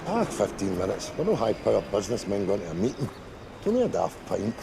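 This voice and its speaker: An actor playing a sardonic older Scottish pensioner, dry and sarcastic, in a sitcom clip. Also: male voice, on the low side, wildly swooping pitch, fairly quick, gravelly, exaggerated voice. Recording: sitcom clip with background noise.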